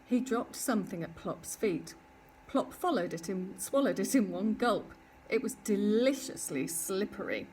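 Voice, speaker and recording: Woman, storybook narrator, expressive, animated pitch, distant mic, faint ambience. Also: unhurried, slight background noise. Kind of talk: children's storybook reading.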